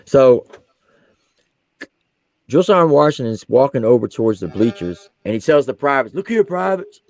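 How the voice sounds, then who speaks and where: A man's voice: medium pitch, lively intonation, moderate pace, a little mellow. A man, an army veteran who served as a drill sergeant, telling a story on a podcast in casual slang and acting out the quotes.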